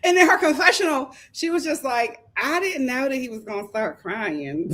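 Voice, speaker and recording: A woman hosting a live reality show recap, talking dramatically, laughing and mimicking the cast in hushed voices. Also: high voice, expressive, normal speed, slight background noise. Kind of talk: animated live recap commentary.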